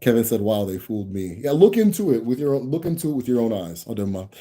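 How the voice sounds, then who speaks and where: A young man from the United States hosts a casual livestream in a warm, sing-song, medium-pitched voice, speaking quickly. He reads viewer comments aloud and rambles, restarting and laughing along the way.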